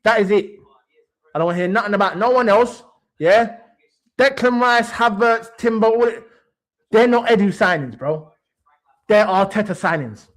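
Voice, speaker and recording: A man's voice: sits high, normal speed, pauses often. A young man, hosting a football livestream and ranting heatedly, swearing and repeating his points. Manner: animated, swearing, repeats phrases for emphasis. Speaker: sports stream host.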